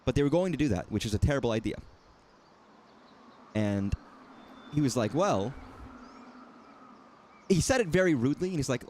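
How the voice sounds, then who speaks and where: Male streamer doing casual game commentary; animated pitch, wry and rambling, faint noise underneath. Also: normal speed, long pauses. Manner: rambling, self-correcting, wry.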